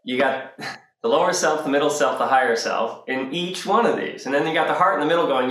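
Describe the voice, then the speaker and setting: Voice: medium pitch, a little fast, fairly bright tone, reverberant, low-quality recording. A spiritual workshop teacher talking casually to a group, acting out quoted voices and laughing along.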